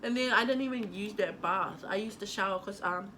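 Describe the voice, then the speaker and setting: A woman's voice: medium pitch, brisk, bright, forceful tone. Chatty young New woman, noisy recording. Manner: chatty, laid-back, with fillers. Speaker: vlogger. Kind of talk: casual storytime chat.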